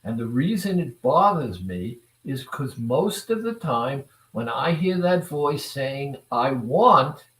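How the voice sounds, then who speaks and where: A man giving a motivational talk to viewers, speaking deliberately and repeating phrases, often putting questions to the audience. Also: mid-range voice, very animated. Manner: deliberate, repetitive, asks the audience rhetorical questions. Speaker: self-improvement speaker. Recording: roomy echo.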